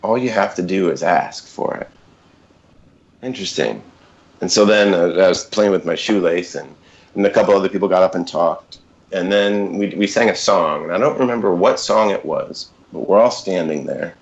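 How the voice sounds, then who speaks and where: Low-voiced man telling a rambling story. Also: moderate pace, creaky, muffled recording. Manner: rambling, self-interrupting, with many fillers and asides. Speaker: podcast guest. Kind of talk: casual storytelling.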